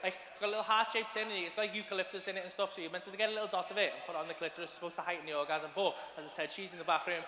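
Stand-up comic, high bright voice, crude sweary storytelling, live hall reverb. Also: male voice, very fast, few pauses. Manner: crude, swearing, animated and chatty. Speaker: stand-up comedian. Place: live comedy venue, large hall.

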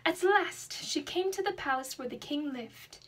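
A young woman reading a children's storybook aloud in an expressive, dramatic way. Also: high-pitched, a little slow. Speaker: student reader.

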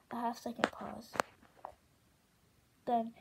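A woman reads a novel aloud in a steady, expressive voice. Her tone is mellow and on the higher side, with a faint hiss underneath. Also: normal speed, rough recording. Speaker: audiobook reader.

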